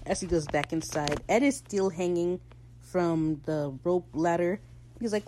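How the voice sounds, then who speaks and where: A woman's voice: lowish voice, mellow, a little hiss or hum, poor audio. Opinionated woman ranting over a show recap. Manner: opinionated, ranting, slips into quick character voices. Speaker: podcast host. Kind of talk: casual TV episode recap.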